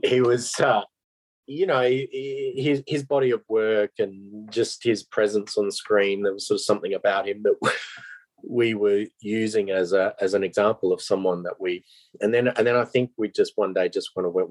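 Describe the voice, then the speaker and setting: Middle-aged aussie guy, super deep voice, keeps restarting his sentences, dead dry sound. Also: level tone, dry recording, poor audio. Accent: Australian. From Australia. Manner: halting, searching for words with many restarts. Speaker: film director, interview guest. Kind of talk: casual interview answer.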